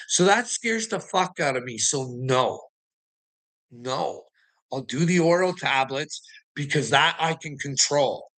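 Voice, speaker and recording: A man's voice: fairly high pitch, measured pace, fairly bright tone, rough recording. A man ranting in a casual chat to a friend, agitated and heavy on profanity, laughing often between lines. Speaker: person telling his story.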